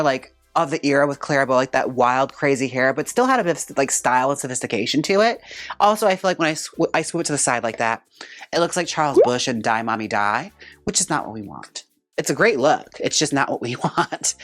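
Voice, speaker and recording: A woman hosting a hair-styling vlog, chatting casually in a sassy, chatty way with plenty of filler words. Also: sits low. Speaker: hairstylist host.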